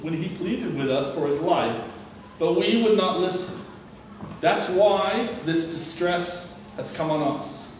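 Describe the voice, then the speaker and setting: Reading a Bible passage aloud, a man with a somewhat high voice keeps a steady, measured pace, occasionally stumbling on a word and starting over. His plain reading comes from far back from the mic in a very echoey room, over a faint ambient hum.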